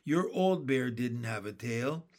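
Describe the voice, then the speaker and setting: A man reading aloud as Jessie, a brisk, motherly older girl looking after her siblings. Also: mid-range voice, lively intonation, a little mellow. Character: bossy caring older girl, homemaker.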